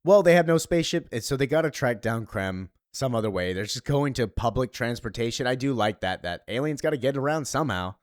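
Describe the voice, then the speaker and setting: A man's voice: medium pitch, lively intonation, fairly quick, few pauses, no echo, studio quality. A man giving chatty, loose commentary on a comic he reads along, with fillers and asides. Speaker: comic book reviewer.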